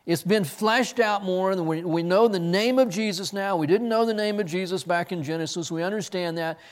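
A high-pitched male voice at normal speed belongs to a pastor giving an earnest expository sermon with a personal story. He often repeats himself word by word while searching for the next phrase.

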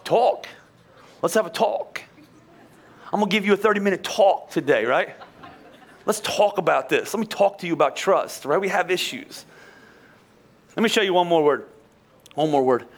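A man from Pennsylvania with a slight Pennsylvania accent, preaching a sermon in an energetic way, joking with the congregation and often repeating words. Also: sits high, normal speed, pauses often. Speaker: pastor.

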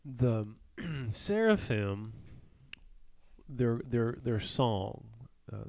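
Man hosting a Bible podcast, mid-pitched, teacherly, halting. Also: sing-song, creaky, darkish tone. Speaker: podcast host leading Bible study. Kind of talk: casual Bible discussion.

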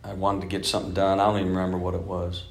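A low-voiced man in his fifties preaches to his congregation, moving from forceful emphasis to near-whispered storytelling. His sermon rings through an echoey church hall. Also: completely flat delivery, racing. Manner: storytelling preacher, swinging from loud emphasis to soft, hushed delivery. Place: church sanctuary.

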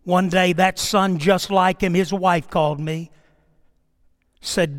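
A middle-aged man preaching a sermon as pastor, swinging between emphatic rises and hushed drops. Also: high-pitched, steady tone, unhurried. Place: church sanctuary. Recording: long reverb of a church hall.

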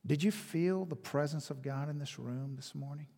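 Male pastor with a husky voice, dramatic sermon delivery that drops to a hush, long church-hall reverb. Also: fairly high pitch, moderate pace. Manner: dramatic storytelling with sudden swings from loud to hushed. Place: church sanctuary.

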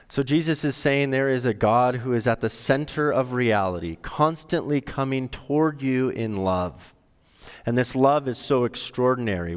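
A middle-aged man preaching a sermon as a pastor, telling a story in a conversational way with shifting emphasis. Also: on the low side. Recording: long hall reverb.

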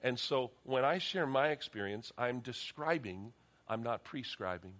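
A man's voice: medium pitch, animated, a little slow, a bit bright. A middle-aged man preaching a sermon in a church, earnest, often repeating words as he starts a sentence, then leading a prayer. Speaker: pastor. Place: church sanctuary.

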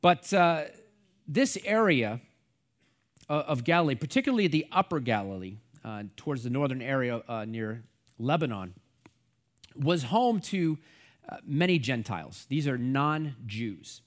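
A man's voice: mid-range voice, expressive, measured pace. A middle-aged man from the United States, a pastor teaching the Bible in a casual, rambling way full of fillers and asides.

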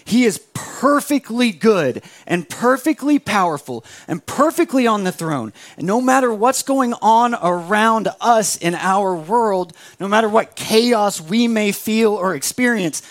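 A young adult man preaching a sermon with a gravelly voice, animated, acting out other voices as he tells the story. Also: high voice. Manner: animated, acts out voices of biblical figures. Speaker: pastor.

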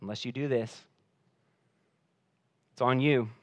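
A man preaching a sermon as pastor, earnest, rising in pitch and force for emphasis and then dropping quiet, often repeating words as he restarts. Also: steady tone, takes it slowly, a little hiss or hum.

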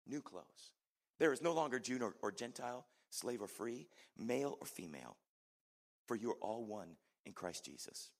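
A man's voice: mid-range voice, vocal fry. A middle-aged male pastor preaching a sermon, telling stories in a conversational way and putting asides to the congregation.

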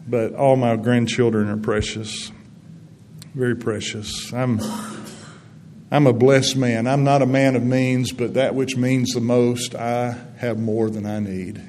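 A man's voice: medium pitch, a little slow. A man in his sixties, a guest speaker giving a folksy, earnest testimony in a church setting. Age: 60s. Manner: folksy storytelling, gentle and earnest. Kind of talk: testimony-style sermon. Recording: long reverb in a hall, faint background noise.

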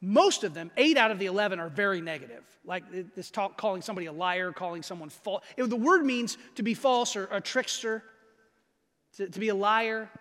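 A man preaching a sermon with a strikingly high voice, his words trailing into the long reverb of a big church hall. He talks in a conversational way, slows down hard on the phrases he wants to land, and keeps asking his listeners if they follow. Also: expressive, a bit bright. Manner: emphatic, slows down to stress key phrases; conversational, asks the audience questions. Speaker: pastor.

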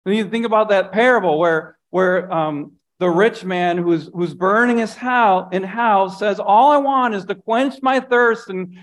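A man, a pastor, preaching a sermon earnestly, often repeating phrases and dropping his voice for emphasis. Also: sits high.

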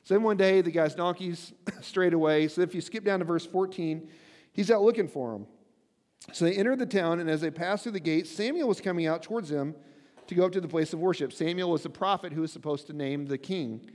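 A male pastor delivers a sermon in a high, light voice, talking to the congregation like a friend and checking in with a quick "right?" He reads scripture aloud and breaks off for wry asides. His voice carries a long reverb, as if filling a large worship hall. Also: darkish tone. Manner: conversational, often checks in with "right?".

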